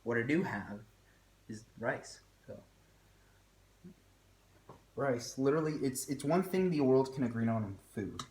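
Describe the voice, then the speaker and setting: A home cook rambles through a casual cooking vlog, joking at their own expense and leaning on fillers. The voice is lively and swings around in pitch. It rings through an echoey room with faint music underneath. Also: a little slow, long pauses, slight background noise. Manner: rambling and self-mocking, lots of fillers.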